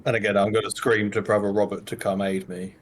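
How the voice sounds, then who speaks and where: A man's voice: fairly low pitch, flat delivery, fast, slight background noise. A man playing a tabletop role-playing game, eagerly describing his attacks with chuckles. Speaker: player.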